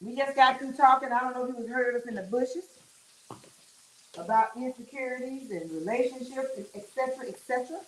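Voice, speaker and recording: A woman's voice: sits high, brisk, a little hiss or hum. A woman hosting a casual livestream while cooking, folksy and chatty, calling viewers honey and child. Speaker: livestream host and weekend DJ. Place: home kitchen. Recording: echoey kitchen with frying sizzle. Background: fish frying and sizzling.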